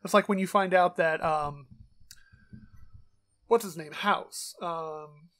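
A man co-hosting a casual podcast, rambling through a film recap with plenty of fillers and the odd curse. His voice sits a bit high and he gets animated as he talks. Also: slow pace. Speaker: podcast co-host. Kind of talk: casual chat.

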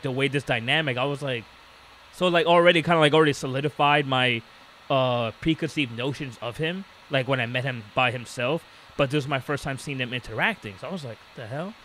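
With slight background noise, a podcast co-host with a mid-range voice tells a story casually. He's animated and acts out the voices of the characters he describes.

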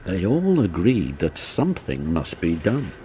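A man narrating a children's storybook aloud in a slow, gently expressive reading. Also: low voice, slight background noise.

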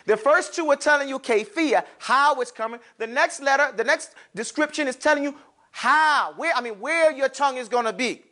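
A man leads a classroom lesson on the Arabic alphabet, his voice very high-pitched and his pace moderate. Energetic and informal, he uses slang, calls on students, and poses questions he sometimes answers himself.

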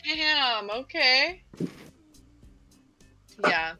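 An excitable, bubbly woman, a guest player, chatting and laughing over voice chat. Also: high voice, drawn-out words, soft background music, low-quality recording. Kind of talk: casual chat while gaming.

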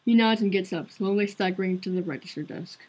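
A woman's voice: medium pitch, a little fast, darkish tone, husky, poor audio. A woman streaming a visual novel, narrating its story aloud in an earnest, conversational way. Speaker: game streamer.

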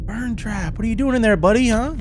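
A man hosting a let's play video, reacting with lots of excited exclamations. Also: high-pitched, brisk, noisy background. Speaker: gaming video host.

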